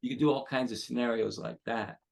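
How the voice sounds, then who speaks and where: Speaking in a steady, gravelly, mid-range voice, this man is a headshot photographer guesting on an online seminar. His advice wanders and stalls, full of fillers.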